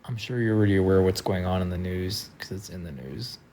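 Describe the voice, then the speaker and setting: A tired man talking casually on a live stream from a friend's house, soft-spoken and trailing off with lots of fillers. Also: low-pitched, fast. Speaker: livestreamer.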